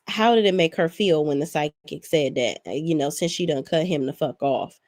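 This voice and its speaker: A woman's voice: sits low, darkish tone, dry recording, clean studio sound. Sassy, blunt woman recapping reality TV. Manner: sassy, profane, blunt opinions. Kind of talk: casual recap commentary.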